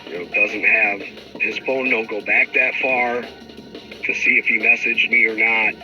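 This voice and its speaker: A man's voice: fairly low pitch, fairly even intonation, unhurried, sharp tone. A middle-aged man hosting a livestream, talking in a frustrated, rambling, profane way. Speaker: livestream host. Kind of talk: casual livestream rant. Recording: dull lo-fi stream audio with music.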